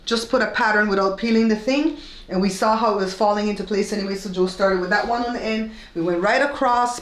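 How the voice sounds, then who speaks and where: A woman from Belize hosting a casual home tour vlog, explaining things step by step to her viewers. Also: medium pitch. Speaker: host. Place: newly renovated room, indoors. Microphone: camera held by her husband, some distance off. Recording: echoey bare room.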